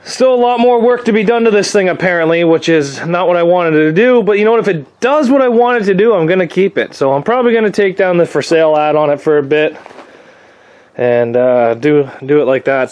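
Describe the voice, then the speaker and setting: A man's voice: a little high, darkish tone, clean tone. A man vlogging casually from his workshop, frustrated with a machine, rambling and restarting as he explains his repairs. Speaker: vlogger, shop owner.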